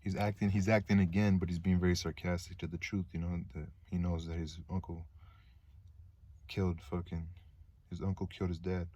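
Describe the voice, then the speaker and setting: A man's voice: sits low, little pitch movement, fairly quick, mellow, no echo. A man reading a play aloud and adding casual, profane asides with some hesitation. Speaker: reader.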